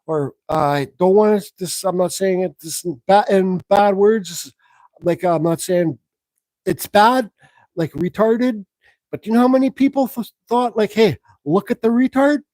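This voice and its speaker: High-voiced rambling man telling stories. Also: normal speed, a little mellow, no echo, poor audio. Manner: rambling, frank, with swearing and restarts. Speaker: woodcarving channel host. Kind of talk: live stream Q&A, casual storytelling.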